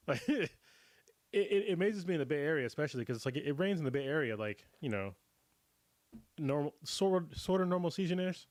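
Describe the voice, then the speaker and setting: A man in his thirties hosting a casual livestream chat, relaxed and laughing often, a little hoarse from getting over a cold. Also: on the high side, fairly quick, no room sound. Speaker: livestream host.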